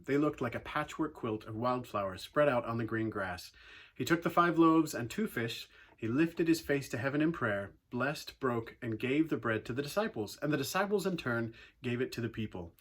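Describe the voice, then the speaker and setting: Male youth speaker, husky, animated and wry storyteller. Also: medium pitch. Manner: animated storyteller, playfully sarcastic asides. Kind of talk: casual youth talk retelling a Bible story.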